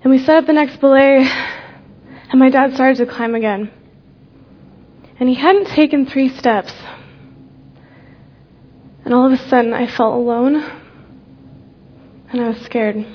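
A young woman giving an earnest personal faith testimony, speaking slowly with deliberate pauses and letting key words drop soft. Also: high-pitched, dull audio.

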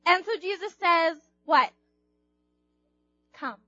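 This young youth speaker has a very high, pushed, bright voice and speaks slowly, giving an informal sermon full of playful chatter, acted-out quotes, and questions to the audience. The dull audio has no room sound, with faint music in the background.

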